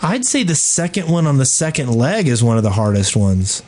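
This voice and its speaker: A man's voice: mid-range voice, big pitch swings, normal speed, darkish tone. A man co-hosting a casual gaming podcast, joking around and reading listener email aloud. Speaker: podcast co-host.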